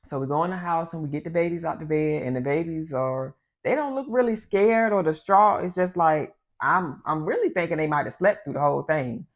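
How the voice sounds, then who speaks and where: A woman recounts a personal story in a casual, animated storytime style, speaking straight to her viewers. Her voice sits a little low for a woman. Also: a little fast, few pauses, lo-fi sound. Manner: animated, addresses the audience as y'all. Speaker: vlogger telling a story.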